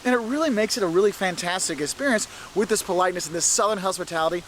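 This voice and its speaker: An enthusiastic man with a fairly high voice presents a travel video. He talks straight to the camera outdoors on a city street, with faint traffic noise behind him. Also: very fast, fairly bright tone.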